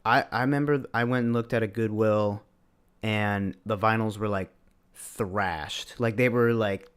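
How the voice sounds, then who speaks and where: A man's voice: lowish voice, steady tone, unhurried, fairly bright tone, clean tone. A young man co-hosting a podcast livestream, chatting casually with laid-back slang and answering viewers' chat. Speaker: podcast co-host.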